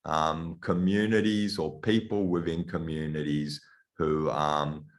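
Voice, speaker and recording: A middle-aged man with a mixed Australian and European accent, giving an online lecture in a halting way, with many ums and restarts, over a video call. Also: very deep voice, flat delivery. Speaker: guest lecturer. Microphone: computer mic on a video call.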